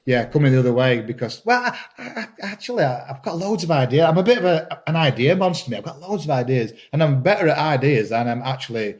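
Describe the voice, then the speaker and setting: A man talking as a podcast guest in casual conversation, enthusiastic and halting, often repeating words as he starts a thought. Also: on the high side, expressive, darkish tone. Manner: enthusiastic, laughs while talking. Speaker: podcast guest, green woodworker.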